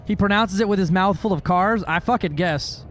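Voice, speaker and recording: A man's voice: high voice, moderate pace, faint music behind. A man streaming a space game, chatting casually with viewers in a joking, profane way. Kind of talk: casual gaming livestream chat.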